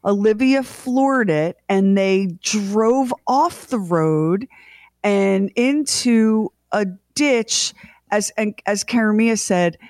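A woman's voice: mid-range voice, takes it slowly, no room sound, studio quality. A middle-aged woman co-hosting a morning radio show, retelling a family story dramatically with lots of restarts. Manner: animated, dramatic retelling with restarts and acted-out quotes. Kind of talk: casual on-air storytelling.

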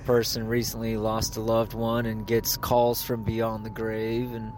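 A man's voice: lowish voice, completely flat delivery, unhurried, noisy background. A man calling in to a radio show, rambling on with lots of "you know" and repeated words. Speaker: caller. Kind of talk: casual rambling phone call.

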